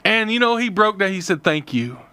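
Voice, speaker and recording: Man, high voice, bright and smooth, dry studio sound, chatty co-host. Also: steady tone, fast talker, no echo. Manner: rambling storyteller, many fillers and restarts. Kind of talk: conversational Christian talk show.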